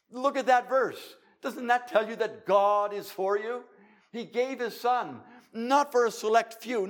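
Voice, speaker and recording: An older man preaching an evangelistic sermon, dramatic and emphatic, with pauses for effect. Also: high-pitched.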